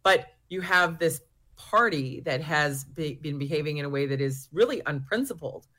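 A woman's voice: deep voice, expressive, moderate pace, bright, forceful tone. A woman guest in an interview, speaking earnestly with frequent restarts and fillers. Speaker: guest, research group founder. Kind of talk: interview answers.

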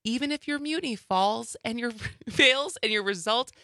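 A woman's voice: fairly high pitch, no echo. A woman hosting a casual radio show, chatting with co-hosts and laughing often. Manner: giggly, animated, quick to laugh. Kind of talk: casual studio chat.

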